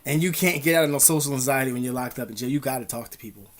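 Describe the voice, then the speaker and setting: A man talks straight to his audience, handing out advice in a loose, rambling way. His speech is full of swearing, street slang and fillers, and his voice sits at an ordinary pitch. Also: racing. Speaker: vlogger. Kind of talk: casual advice monologue.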